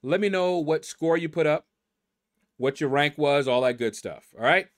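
A man's voice: on the high side, moderate pace. A middle-aged man hosting a gaming channel, casually reading out leaderboard names and musing aloud as he stumbles over them.

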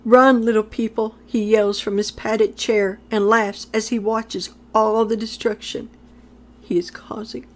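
A woman's voice: fairly high pitch, level tone, measured pace, a little hiss or hum. A woman delivering a prophetic message in a solemn, declamatory way, repeating phrases for emphasis. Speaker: prophetic speaker.

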